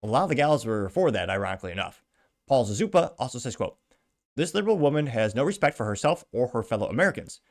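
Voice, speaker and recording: A man's voice: mid-range voice, very animated, quick pace, creaky. A man hosting a commentary podcast, reading out news and comments with sarcastic, wry asides. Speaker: podcast host.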